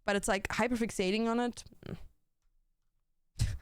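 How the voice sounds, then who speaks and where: A woman's voice: fairly high pitch, steady tone, moderate pace, clear, resonant tone. A young woman streamer in casual stream chat, rambling and joking with crude language.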